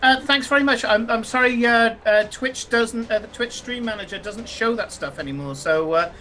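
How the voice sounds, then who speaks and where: Man, game master, halting with lots of uh, bright and tense tone, faint background hum. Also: very high voice. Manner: halting, many uh fillers. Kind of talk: narrating a tabletop game.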